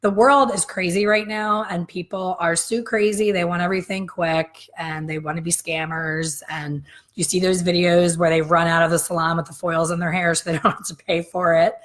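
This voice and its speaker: A woman's voice: fairly low pitch, level tone, moderate pace. A woman in her fifties, a hair color educator giving a frank, emphatic live coffee-chat lesson straight to her viewers.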